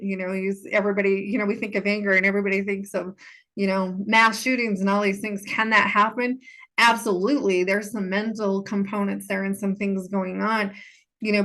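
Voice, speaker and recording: A woman's voice: medium pitch, a bit bright. A woman hosting a solo podcast, talking earnestly and casually about healing, repeating phrases for emphasis. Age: adult. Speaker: podcast host and healing coach.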